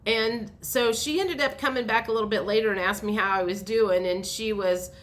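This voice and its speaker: This vlogger tells a lengthy story from daily life in a loose, talkative way, often tripping on her words with fillers and fresh starts. She keeps a middle pitch, fairly even intonation, a moderate pace, and a slightly bright sound.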